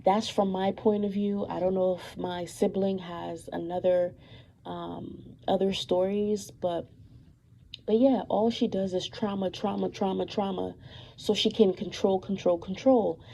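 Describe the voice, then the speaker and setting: A woman's voice: mid-range voice, fairly even intonation, measured pace, gravelly, warm tone, a little hiss or hum, rough recording. A young woman telling a long story about her mother in a casual monologue, emphatic and repetitive with many fillers and an accusing edge.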